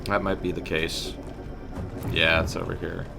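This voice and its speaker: A man's voice: low-pitched, level tone, a little slow, gravelly, noisy background. A young man casually commenting while playing a game, chatting with viewers and joking. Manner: chatty, addresses chat as guys, slangy. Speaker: game streamer. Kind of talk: casual let's-play commentary.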